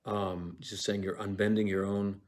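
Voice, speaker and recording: A man giving a casual lecture on a play, retelling scenes with profane, lively asides and reciting verse lines, sometimes dropping into a whisper. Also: lowish voice, normal speed. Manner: casual and profane, many fillers and restarts.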